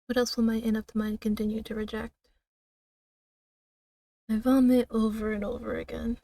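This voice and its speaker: Woman reading a game aloud dramatically, mellow tone. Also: on the high side, flat delivery, no echo, distant mic. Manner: slow, dramatic reading broken by laughs and asides. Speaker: streamer.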